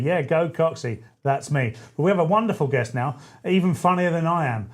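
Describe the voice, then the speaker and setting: A man hosts a talk radio show, chatting casually and rambling, often correcting himself mid-sentence. His voice is on the high side, and he talks a little fast with few pauses.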